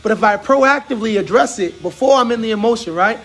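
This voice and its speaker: A man hosting a casual barbershop chat, telling animated stories and laughing often. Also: high-pitched, fast. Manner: laughs a lot, animated storytelling. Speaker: host.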